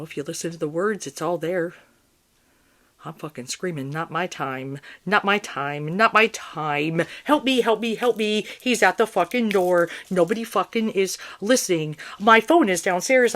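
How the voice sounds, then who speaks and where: A woman's voice: on the low side, fairly bright tone. A middle-aged woman, a psychic, in an agitated, swearing and repetitive monologue to her viewers.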